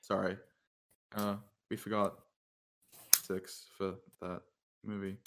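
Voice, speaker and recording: A young man co-hosting a film podcast, jokey and animated, laughing easily. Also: low-pitched, takes it slowly, creaky, background noise. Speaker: podcast co-host. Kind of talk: casual chat.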